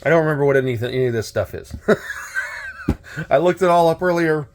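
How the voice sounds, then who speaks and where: A middle-aged man hosting a casual unboxing chat, his voice a little hoarse, talking in a rambling, hesitant way with many restarts. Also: on the high side, brisk, a little hiss or hum. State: slightly hoarse. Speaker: channel host.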